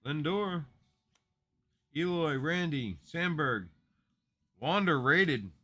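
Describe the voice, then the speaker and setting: A man's voice: a little high, animated, slow, bright, forceful tone. A man hosting a live card break stream, chatting casually and rattling off player names as he opens packs.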